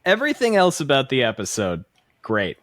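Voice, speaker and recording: Woman with a low, lively, dry voice. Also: a little fast, dry recording. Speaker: podcast co-host. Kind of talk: casual chat.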